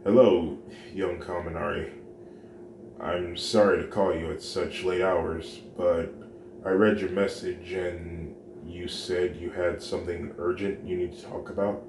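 A deep, earnest male hero mentor consoling a young student, as a man reads him in a story. The delivery is slow and plain. The recording sounds roomy and carries noise behind the voice. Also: flat delivery, darkish tone.

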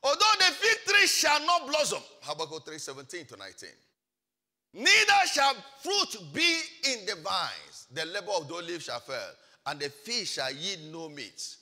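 A man preaching a sermon as pastor, swinging between hushed asides and loud, shouted exhortation. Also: sits high, wildly swooping pitch, normal speed. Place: large church hall. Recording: church hall reverb.

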